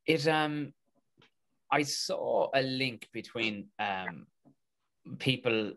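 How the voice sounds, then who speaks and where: A man with a Tipperary Irish accent, a comedian and actor, telling stories as a podcast guest in a lively, colloquial way full of swearing. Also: medium pitch, very slow, creaky, noisy background. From Tipperary, Ireland. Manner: animated, swears freely, colloquial. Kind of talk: casual storytelling in a podcast interview.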